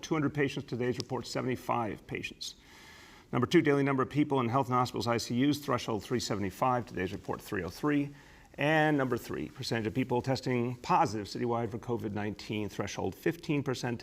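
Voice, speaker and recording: A middle-aged man giving a formal press briefing as mayor, in a measured, emphatic official delivery. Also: mid-range voice.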